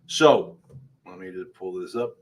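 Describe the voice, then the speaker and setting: With a low voice and an unhurried pace, a man runs a live online law class as its attorney host. He addresses viewers directly, conversational yet emphatic.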